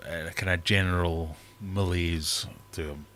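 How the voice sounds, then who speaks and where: Man, livestream host, casual chat, rambling, self-deprecating, very low voice, faint background hum. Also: steady tone, unhurried, a bit bright. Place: fish room in his home.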